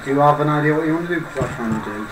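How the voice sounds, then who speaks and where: A man's voice: on the high side, rapid-fire. A man playing a tabletop role-play game, switching between casual chat and a prim, overly formal character voice. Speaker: player. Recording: echoey room with background noise.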